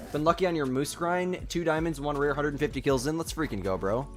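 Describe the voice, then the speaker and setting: A man's voice: on the high side, normal speed, soft background music. A young man chatting casually on a live gaming stream, reading chat and talking through a nagging cough. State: sick with a cough.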